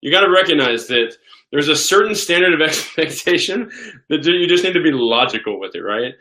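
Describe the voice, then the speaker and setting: A man's voice: on the high side, lively intonation, fairly quick, sharp tone. A man in his thirties hosting a casual live question-and-answer stream, talking with eager enthusiasm and often repeating and restarting his words.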